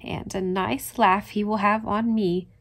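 A woman voicing a brisk, devoted housekeeper in a storybook reading. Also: medium pitch, steady tone, creaky. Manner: brisk and homely.

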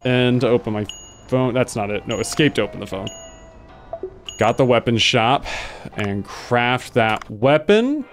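A man casually commenting on his gameplay, excitable and sarcastic, jumping between low mutters and loud yelps. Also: a little slow, faint music behind. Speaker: gaming video host. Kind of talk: casual let's-play commentary.

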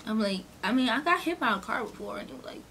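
A woman's voice: fast talker, noisy background. A young woman vlogger, chatting casually through a storytime and acting out the people in it. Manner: chatty, animated, acts out quotes in a higher voice. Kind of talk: casual storytime during a mukbang.

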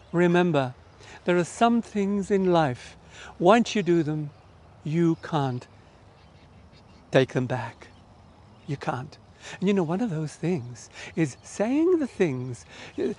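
In an online church service, a middle-aged Australian man with a slightly high voice shares a children's story. He keeps it lively and animated while posing direct questions to those listening.

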